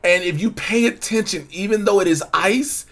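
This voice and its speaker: A man's voice: high-pitched, moderate pace. A man co-hosting a show, talking in a casual, jokey and profane way. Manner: loud, playful, jokey and profane. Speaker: co-host of a TV episode review show. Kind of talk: casual chat.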